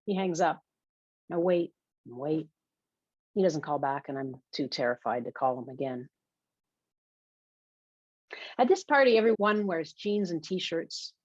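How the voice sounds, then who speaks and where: A woman's voice: deep voice, lively intonation, moderate pace, a little mellow, husky, no echo. A woman narrating a first-person novel in a confessional, wry way, in a muffled lo-fi recording. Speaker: audiobook narrator. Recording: dull, dry lo-fi recording.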